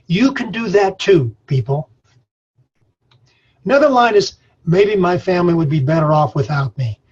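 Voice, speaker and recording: A man's voice: sits high, breathy edge, dull audio. Folksy older man giving a webinar talk. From Colorado. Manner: folksy, storytelling, says y'all. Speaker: extension speaker on farm mental health. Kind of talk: webinar presentation. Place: his office.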